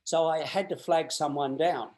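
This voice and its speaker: An Australian interview guest in his sixties tells a drawn-out story in casual conversation, acting out each character's voice with animation. His pitch is fairly high, his speed normal, and the recording rough.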